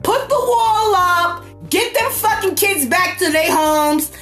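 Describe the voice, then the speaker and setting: Fiery, high-pitched ranting woman. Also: animated, slow, echoey room, soft background music. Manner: heated, profane, repeats herself, shouts at times. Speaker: political commentator. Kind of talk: impassioned political rant.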